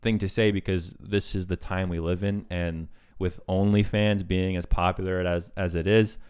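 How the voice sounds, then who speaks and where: Man, very low voice, smooth and crisp, dry close mic, laid-back, swears a lot, casual film chat. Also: flat delivery, normal speed, darkish tone, no room sound. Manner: laid-back, swears freely, many fillers. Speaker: podcast co-host.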